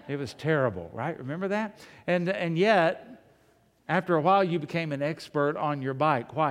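A man's voice: a little high, normal speed, in a large hall. A man preaching a sermon from the pulpit, telling folksy stories and asking his listeners rhetorical questions. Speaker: pastor. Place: church sanctuary.

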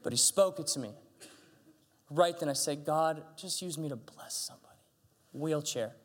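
A middle-aged male pastor telling stories in a sermon from a church stage, animated and acting out the dialogue. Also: moderate pace. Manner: animated, acts out dialogue with big pitch jumps. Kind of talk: sermon storytelling. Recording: long hall reverb.

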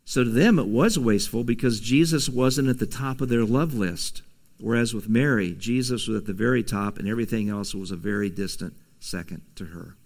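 Male pastor, low gravelly voice, conversational sermon, casual asides. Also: fairly quick. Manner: conversational, with asides and soft laughs.

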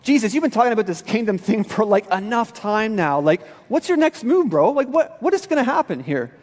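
A man's voice: high voice, sing-song, fairly quick, a little mellow, long reverb tail. A man doing slangy, baffled young disciples. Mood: puzzled. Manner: slangy, incredulous. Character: puzzled casual young male disciples.

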